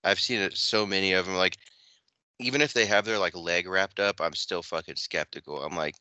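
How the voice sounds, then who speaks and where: A man with a somewhat low but very bright, forward voice rambles through crude anecdotes. He leans on filler words and keeps laughing. The sound is dry and close. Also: steady tone, a little fast, clean tone, dry recording. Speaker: podcast co-host. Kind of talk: casual crude chat.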